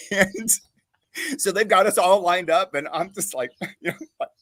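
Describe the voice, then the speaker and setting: A man co-hosting a talk show, telling a story in a casual, animated way, laughing often and saying "like" a lot. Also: high-pitched, unhurried, no echo.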